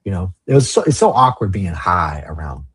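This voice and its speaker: Podcast guest from the Valley, low raspy male voice, casual storyteller who swears and rambles. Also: sing-song, brisk, a bit bright. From Los Angeles, San Fernando Valley. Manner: casual, rambling, swears, heavy use of "like" and "you know". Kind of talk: candid storytelling interview.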